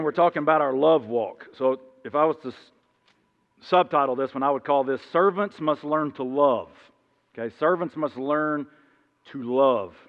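A man preaching an informal sermon, rambling through anecdotes with many restarts and acting out the voices in his stories. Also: a little high. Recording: dull lo-fi sound, long hall reverb.

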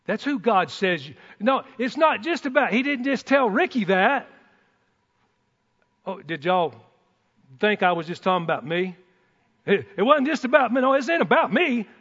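Speaking at a moderate pace and pausing often, this high-voiced preacher delivers an excitable, folksy sermon packed with whoops and asides. The audio is muffled and dull, with a long reverb from a church hall.

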